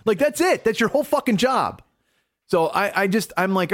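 A man's voice: sits high, very animated, fast talker. A young man telling a comic story as a podcast co-host, ranting in an exasperated, profane way and acting out quoted dialogue.

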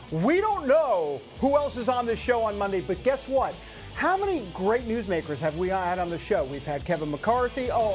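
A man hosting a talk show alone, joking, getting worked up and laughing at himself. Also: high-pitched. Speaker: show host. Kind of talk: casual talk-show monologue. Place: studio. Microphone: camera-facing studio mic.

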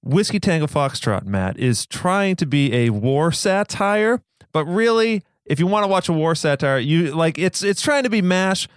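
A man's voice: a little high, lively intonation, normal speed, clean tone, dry recording. A man chatting as a podcast guest, stammering through points with dry jokes, sounding a little under the weather. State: recovering from illness. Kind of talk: casual podcast chat.

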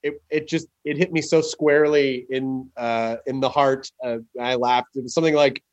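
A man chatting as a podcast guest, animated and quick, with halting restarts and casual swearing. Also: medium pitch, highs cut off. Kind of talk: casual interview chat.

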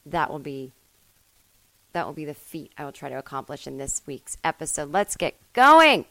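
A woman hosting a solo comedy podcast from home, rambling and self-mocking, with sudden loud bursts. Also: sits low, flat delivery, normal speed, gravelly, low-quality recording. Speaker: podcast host.

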